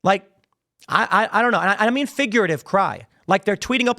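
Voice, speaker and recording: A man's voice: sits high, lively intonation, fairly quick, pushed and bright. A man hosting a podcast, delivering an emphatic, mocking commentary monologue and repeating phrases for effect into a studio microphone. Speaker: podcast host.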